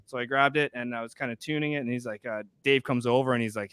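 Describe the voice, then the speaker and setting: A man's voice: medium pitch, fairly even intonation, racing, few pauses, a bit bright, clean tone, no room sound. A man from Canada co-hosting a podcast, telling a rambling story and acting out the quoted lines. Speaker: podcast co-host. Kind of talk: casual storytelling.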